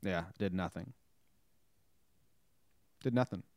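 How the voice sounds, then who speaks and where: A man co-hosting a podcast in casual chat, reading things out in a wry, deadpan way. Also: deep voice, slow, no room sound, studio quality. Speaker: podcast co-host.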